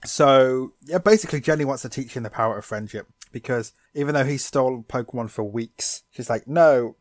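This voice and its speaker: A man co-hosting a podcast, recapping an episode in a sarcastic, animated way. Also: mid-range voice, a little fast, no room sound, studio quality. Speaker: podcast co-host. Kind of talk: casual episode recap chat.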